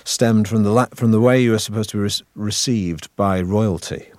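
A man's voice: lowish voice, normal speed, darkish tone, no room sound. A man with a Manchester accent, an actor chatting in an interview in a wry, self-deprecating way that rambles with restarts. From Manchester, northern England. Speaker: actor guest. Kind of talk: relaxed interview chat.

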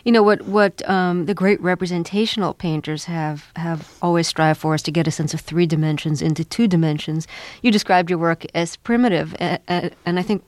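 A woman radio interview host with a slightly low voice. She asks questions conversationally, with small laughs. The studio sound is dry and close. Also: steady tone, brisk, hardly any pauses, no room sound.

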